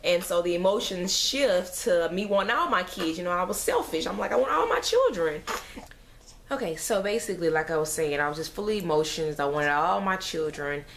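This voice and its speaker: A woman's voice: lowish voice, expressive, fairly quick, slight background noise. A woman, a mother, chatting to camera in a rambling, emotional way with sighs and fillers. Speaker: mother vlogger. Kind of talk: casual chat to camera.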